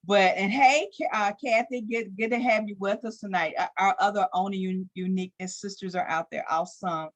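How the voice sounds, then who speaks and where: A woman's voice: medium pitch, steady tone, fairly quick, hardly any pauses. A woman hosting a live online interview, talking unscripted and cheering her guest on with lots of affirmations. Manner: enthusiastic, unscripted, many affirmations. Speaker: host.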